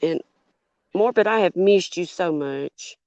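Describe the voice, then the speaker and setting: A woman's voice: lowish voice, lively intonation, slow pace, darkish tone, no echo. A woman guest in a casual chat, friendly and brief. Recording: dull lo-fi dry audio.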